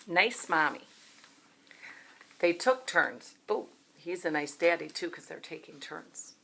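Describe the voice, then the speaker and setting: Expressive woman reading a picture book to preschoolers. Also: on the low side, vocal fry. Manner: gentle, questioning the listeners, expressive. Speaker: preschool teacher. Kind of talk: reading a picture book aloud to young children.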